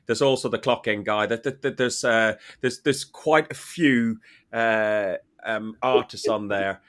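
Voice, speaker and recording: A man's voice: on the low side, steady tone, measured pace, a bit bright. A man hosting a casual fan podcast, chatty and often repeating words as he goes. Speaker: podcast host.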